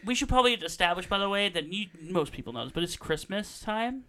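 A man's voice: high voice, animated, fast, pushed and bright. A man co-hosting a podcast, recapping a movie in playful, profane banter, acting out the characters as he tells it. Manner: profane, playful, acts out characters mid-story. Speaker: podcast co-host.

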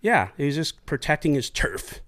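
A middle-aged man swaps stories with a co-host in loose, profane chat. He recalls his time as a police officer in a blunt, animated way, full of asides and strong language. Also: on the high side, normal speed. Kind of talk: casual storytelling chat.

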